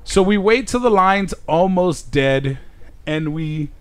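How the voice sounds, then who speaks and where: A man's voice: sits high, expressive, slow, clear, resonant tone. A man hosting a podcast, telling a long story in casual chat, swearing often and laughing. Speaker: podcast host.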